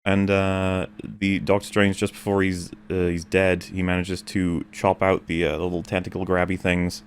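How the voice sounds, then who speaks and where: A man's voice: low voice, completely flat delivery, moderate pace, slight background noise. Hesitant man recapping a film. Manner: hesitant, many fillers and restarts. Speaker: stream panelist reviewing a film. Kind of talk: casual chat.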